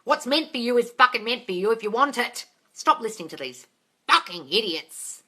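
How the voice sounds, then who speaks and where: A woman in her forties answering viewers' questions on a phone livestream at home, blunt and exasperated, swearing and often shouting. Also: a little high, big pitch swings, moderate pace. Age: 40s. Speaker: manifesting coach answering live questions.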